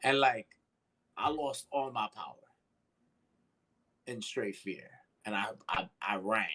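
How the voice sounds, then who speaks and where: A man with a lowish voice speaks slowly as a co-host on a casual podcast. He's animated as he tells a story, swearing plenty and acting out voices, though the recording is rough.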